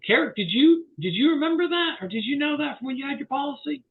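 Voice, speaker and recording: A man training salespeople, talking in a folksy, animated way and acting out both sides of a phone call as he coaches. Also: very high voice, fast talker, hardly any pauses. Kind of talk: coaching with role-play demonstration. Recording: tinny phone-like video call audio.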